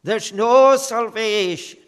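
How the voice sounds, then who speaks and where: A man preaching a sermon in an earnest, unhurried way, pausing often with fillers. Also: high-pitched, clear, resonant tone, long reverb tail. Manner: slow, earnest preaching with many pauses and fillers.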